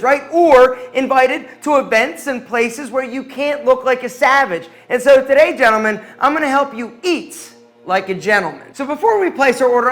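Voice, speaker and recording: A man's voice: very high-pitched, a bit bright. A middle-aged man hosting an instructional vlog, talking straight to camera in an upbeat, emphatic way. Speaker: host. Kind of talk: energetic instructional vlog with skits.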